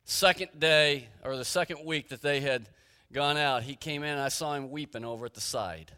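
A man's voice: on the high side, moderate pace, pushed and bright, clear, resonant tone. A man preaching a sermon, telling stories and retelling the conversations in them. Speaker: pastor. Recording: reverberant hall.

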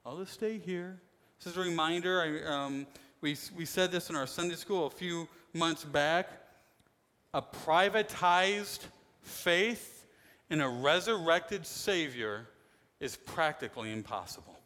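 A man preaching a sermon as pastor, emphatic, swinging between loud declarations and quiet asides. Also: a little high, unhurried. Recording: long hall reverb.

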